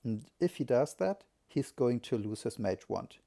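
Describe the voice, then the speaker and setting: A man's voice: medium pitch, lively intonation, unhurried, vocal fry, mellow. A man giving live solo commentary on a strategy game, thinking aloud and often correcting himself.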